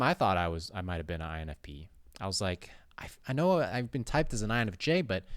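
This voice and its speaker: A man's voice: low voice, dry recording. A young man hosting his own channel, rambling playfully to camera in casual chat and swearing now and then. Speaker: YouTube channel host. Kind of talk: casual vlog talk to camera.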